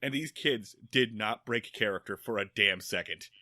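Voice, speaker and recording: Bright, animated man telling a story. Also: lowish voice, normal speed, no room sound, studio quality. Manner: animated rambling storytelling, swearing. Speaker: podcast co-host. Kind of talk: casual chat.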